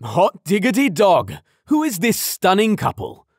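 A man doing a booming, effusive dad. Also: sing-song, moderate pace, dry recording, clean studio sound. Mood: exuberant. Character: loud exuberant middle-aged father.

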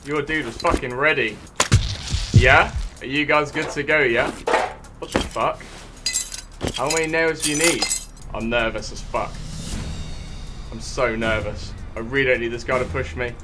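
A young British man giving sweary, jumpy commentary over his own gameplay, hushed one moment and yelling the next. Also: mid-range voice, normal speed, pauses often, music in the background. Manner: jumpy, swears a lot, shifts from hushed to shouting. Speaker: gaming YouTuber.

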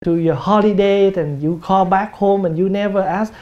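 A man with a Vietnamese accent, a Buddhist monk giving a gentle, humorous dharma talk in a meditation hall. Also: high-pitched, moderate pace, muffled recording. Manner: gentle, humorous, acts out everyday speech. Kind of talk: sermon.

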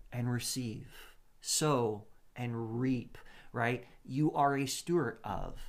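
A man's voice: medium pitch, gravelly. A man preaching a sermon in a conversational way, with frequent laughs, asides and voiced-out quotes. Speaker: pastor.

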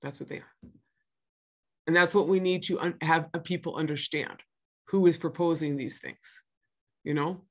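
A woman's voice: low-pitched, steady tone, moderate pace, long pauses. A woman in her sixties from northern Minnesota gives an earnest, emphatic public talk, repeating her key points and often stopping to restart with fillers. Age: 60s. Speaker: guest speaker.

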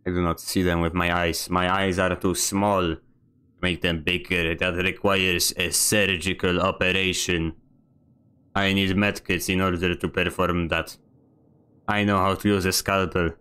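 A man's voice: sits low, little pitch movement, a little slow, pushed and bright, clean tone. A man streaming a video game, giving a sarcastic, grumbling running commentary. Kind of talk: live gameplay commentary.

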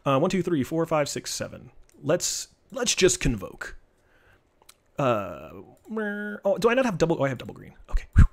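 Animated man streaming a card game. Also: on the high side, normal speed. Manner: animated, joking, trash-talking. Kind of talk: casual live-stream game commentary.

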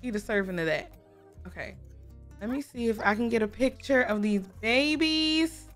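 A woman, hosting a casual, excitable let's-play and chatting to viewers as she plays. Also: a little high, moderate pace, faint music behind. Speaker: gaming video host. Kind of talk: casual game commentary.

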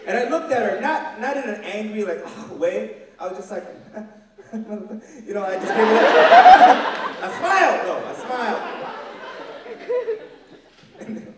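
A young man from the West Coast works a big room with a stand-up set, his voice swinging up and down as he acts out both sides of his stories. He sits a little high for a man. He was picked up from a distance in an echoey hall, with loud crowd noise and laughter all around him. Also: animated, a little slow, pauses often. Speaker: stand-up comedian. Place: large hall with live audience.

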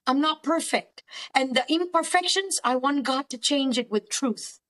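High-voiced earnest woman therapist. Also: moderate pace, a bit bright. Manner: earnest, emphatic, repeats words for stress. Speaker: cognitive therapist guest. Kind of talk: faith-based counselling conversation.

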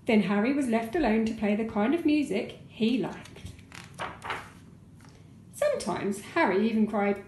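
A woman teacher reading a storybook aloud for children in a gentle, expressive voice. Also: a little high, echoey room, a little hiss or hum, poor audio.

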